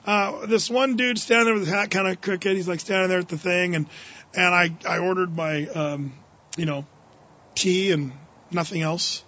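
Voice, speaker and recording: A man's voice: sits high, fairly even intonation, normal speed, sharp tone, lo-fi sound. A male pastor giving a humorous, anecdotal sermon at a Wednesday evening church service, chuckling often.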